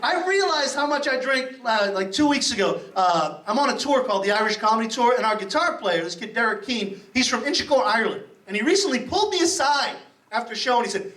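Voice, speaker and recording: Fast-talking comic, high bright voice, swearing a lot, echoey club sound from back of the room. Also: male voice, animated. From Boston, USA. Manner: rapid, brash and profane, working the crowd. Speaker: stand-up comedian. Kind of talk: stand-up comedy set. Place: comedy club. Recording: roomy club sound from a distance.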